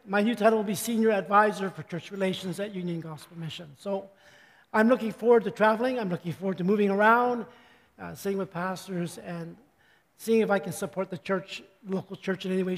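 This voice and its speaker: An older man giving a chatty, joking sermon as a pastor, his voice slightly hoarse and often interrupted by throat clearing. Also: sits high, fairly quick, in a large hall.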